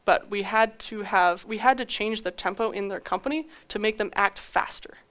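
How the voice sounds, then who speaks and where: A woman's voice: medium pitch, normal speed. A young adult woman giving a conference talk, telling a story with acted-out quotes and frequent laughs. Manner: animated, acts out quoted dialogue with laughs. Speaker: conference speaker.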